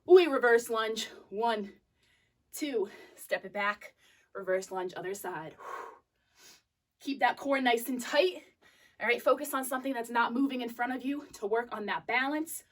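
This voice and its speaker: Working out alongside her class, a young female instructor calls out moves in an upbeat coaching style, sniffly and short of breath. She speaks a little slowly in a fairly high voice, picked up from a distance in a fitness studio.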